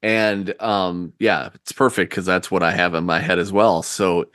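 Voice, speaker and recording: A man narrating a tabletop role-playing scene as game master, describing it slowly with restarts. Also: low voice, steady tone, a bit bright, no room sound, clean studio sound.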